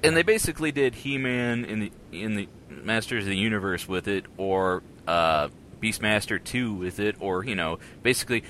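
A man's voice: fairly low pitch, moderate pace, few pauses, slight background noise. A man co-hosting a podcast, chatting casually about old shows and cartoon films in a jokey, rambling way. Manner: animated, jokey, rambling with restarts. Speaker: podcast co-host. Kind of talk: casual chat.

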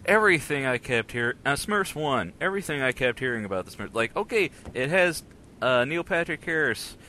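A man riffs through a casual podcast chat, jokey and rambling, his pitch swinging widely. His voice has a bright, forward edge, and a faint hiss sits under the recording. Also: moderate pace. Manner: animated, jokey, rambling with restarts. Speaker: podcast co-host.

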